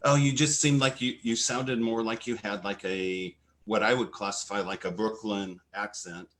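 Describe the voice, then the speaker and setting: A man's voice: lowish voice, fairly even intonation, moderate pace, a bit bright. A man on a live video chat, asking a question in a hesitant way and restarting his sentences. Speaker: caller.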